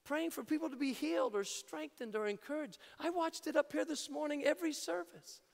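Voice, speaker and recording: A man preaching a sermon as pastor in a large church, energetic and jokey, building to shouts. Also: very high voice, fairly quick, gravelly. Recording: reverberant church hall.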